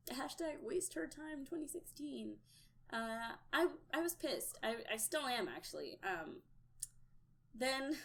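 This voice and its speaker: A young woman in casual chat, reviewing a TV episode, talking in a loose, filler-heavy way that turns profane when she gets worked up. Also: on the high side. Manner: chatty, full of "um" and "like", swears when worked up.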